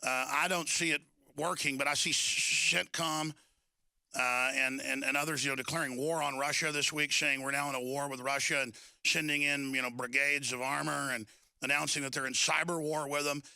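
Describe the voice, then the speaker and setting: Gravelly, indignant male talk show host. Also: on the high side, level tone, normal speed, sharp tone, no room sound. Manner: emphatic, indignant, rambling with fillers. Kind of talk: heated political talk.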